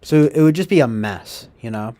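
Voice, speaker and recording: A man's voice: mid-range voice, lively intonation, moderate pace, warm tone. A man casually chatting on a livestream, rambling and joking as he reads out viewer comments. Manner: rambling, jokey, reads out chat comments in mock voices. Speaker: livestream host.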